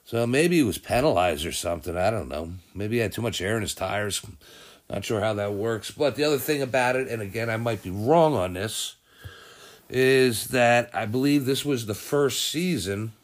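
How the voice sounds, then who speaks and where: A man's voice: fairly low pitch, lively intonation, normal speed. A man hosting a casual sports podcast, rambling and thinking aloud as he goes through results and news, often correcting himself. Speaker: podcast host.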